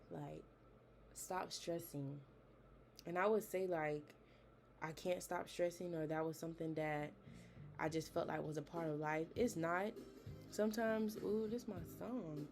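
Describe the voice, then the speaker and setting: Low-voiced young woman giving earnest encouragement. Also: darkish tone. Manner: earnest, encouraging, chatty with frequent fillers. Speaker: podcast host. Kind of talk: casual motivational talk.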